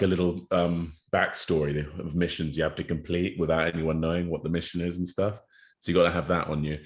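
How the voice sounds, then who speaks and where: A young man with a notably low voice co-hosts a relaxed podcast chat. He laughs a lot while he talks and keeps calling people bro and mate. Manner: laughs often, drops slang like bro and mate. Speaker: podcast co-host. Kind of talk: casual chat.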